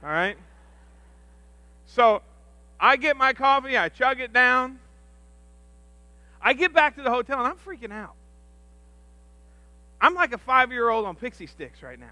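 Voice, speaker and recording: A man on a church's staff giving a humorous sermon, telling self-deprecating stories in an animated, jokey way. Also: very high voice, a little slow, long pauses, no room sound. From rural upbringing.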